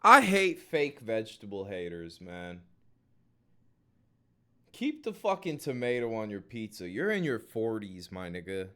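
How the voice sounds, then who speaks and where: A man's voice: lowish voice, very animated, a little slow, pushed and bright. A man streaming casual reactions, joking and swearing loosely as he talks to his chat. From Minnesota.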